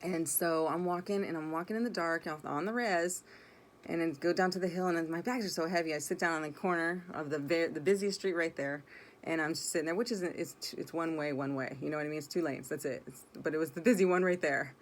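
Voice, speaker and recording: Woman, low voice, casual storytelling, blunt, swears a lot, rambling, self-correcting. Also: fast talker.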